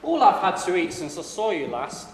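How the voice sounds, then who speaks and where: An amateur actor playing a hungry young soldier in the trenches, on stage in an echoey hall. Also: male voice, high-pitched, sing-song, moderate pace, slight background noise. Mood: weary. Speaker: actor in a community musical.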